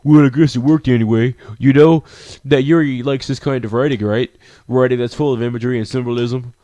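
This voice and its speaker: A man's voice: mid-range voice, steady tone, fairly quick, mellow, no echo, muffled recording, natural voice. A man voicing a confident, friendly teenage girl who leads a club, talking in an encouraging, chatty way.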